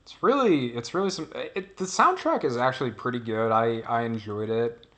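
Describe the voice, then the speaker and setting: A man's voice: medium pitch, animated, moderate pace, fairly bright tone. A man narrates his own gameplay in a loose, casual way. He wanders between thoughts and lets sentences trail off. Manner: rambling, digressive, trails off. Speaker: gameplay commentator. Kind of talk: casual commentary over gameplay.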